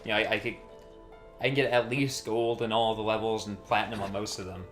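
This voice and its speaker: A man co-hosting a let's play in casual post-game chat, relaxed and self-amused, with many "like"s. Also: on the low side, quick pace, over music.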